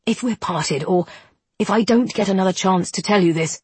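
A woman reading a tense young man, guarded and low-keyed. Her own husky, dry storybook voice barely shifts for him. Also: normal speed, a little mellow, no room sound.

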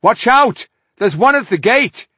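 A man voicing a gruff, defiant male dwarf crossbowman who shouts battle taunts. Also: mid-range voice, sing-song, moderate pace, no room sound, voice pushed up. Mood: shouting.

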